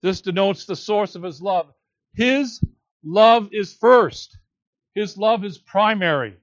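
Emphatic preacher man, slow and high. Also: dry recording, dull audio. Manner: emphatic, deliberate preaching with stressed repetitions. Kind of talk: expository sermon.

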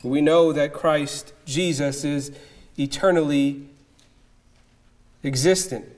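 A man preaching an expository sermon, emphatic and measured, with dramatic pauses. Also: on the high side, fairly even intonation, darkish tone.

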